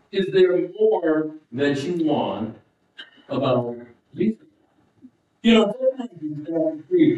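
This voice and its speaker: A man preaching a sermon in a church, telling a story with halting restarts and rising emphasis. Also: a little high. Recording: distant, roomy, muffled hall sound.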